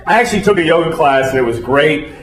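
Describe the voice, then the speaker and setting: A man's voice: a little high, animated, fast, noisy background. A man doing a crude stand-up set on stage, stammering at times and acting out scenes. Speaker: stand-up comedian. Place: roomy comedy venue with live audience. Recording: echoey live room with crowd.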